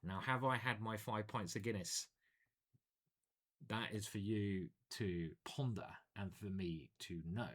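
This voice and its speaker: A man commentating his own online chess games live, thinking aloud in a playful, animated way. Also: fairly low pitch, a little slow, husky.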